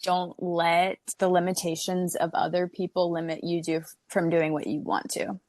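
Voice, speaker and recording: Excitable young woman, dry close sound. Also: lowish voice, moderate pace, dry recording. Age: young adult. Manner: excitable storytelling with frequent "like". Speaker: podcast guest. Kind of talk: casual interview storytelling.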